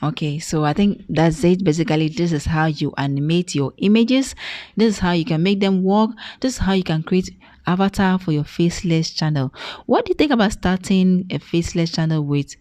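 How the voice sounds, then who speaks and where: A woman hosting a software tutorial, explaining each step in an instructive way. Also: lowish voice, fairly quick, no echo. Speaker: tutorial host. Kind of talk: screen-recorded software tutorial.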